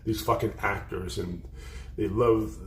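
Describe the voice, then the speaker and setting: A livestream host telling rambling, profane stories in a blunt way. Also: male voice, lowish voice, steady tone, measured pace, slight background noise. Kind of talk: storytelling on a livestream. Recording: roomy echo.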